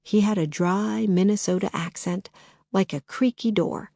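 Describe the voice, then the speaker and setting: A woman's voice: medium pitch, gravelly, no room sound, studio quality. Woman narrating an audiobook thriller. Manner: steady, measured storytelling. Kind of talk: scripted narration.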